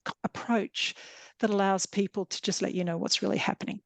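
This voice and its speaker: A woman's voice: medium pitch, flat delivery, fairly quick, gravelly, dry recording. A woman doctor on a video call, explaining things earnestly through examples in a panel discussion. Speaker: general practitioner.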